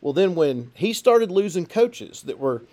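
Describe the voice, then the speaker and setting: A man's voice: sits high, very animated, measured pace, darkish tone. A man talking football in a casual, rambling way, with many restarts. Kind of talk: casual sports talk.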